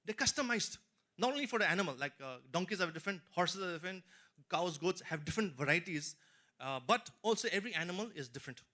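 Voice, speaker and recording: Speaking fast in a high, bright, forceful voice, this middle-aged preacher animatedly gives his sermon as earnest personal testimony. Key phrases get rising emphasis, and he repeatedly breaks off to speak straight to his listeners.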